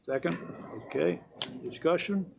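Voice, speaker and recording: A man chairing a county board meeting, briskly calling motions and votes. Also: on the high side, vocal fry. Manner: brisk procedural calls for votes.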